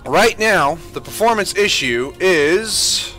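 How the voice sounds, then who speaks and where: A man commentating his own gameplay in a bright, forceful voice that swings up and down a lot. He rants in exasperation and swears freely, with faint music playing behind him. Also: high voice, animated, slow. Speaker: gaming streamer.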